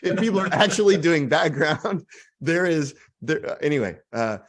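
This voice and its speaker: A man from Texas, in his forties, speaking as a guest author in a casual interview, animated and full of asides and jokes. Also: on the high side, normal speed. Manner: energetic, animated storyteller with frequent asides and self-deprecating humor.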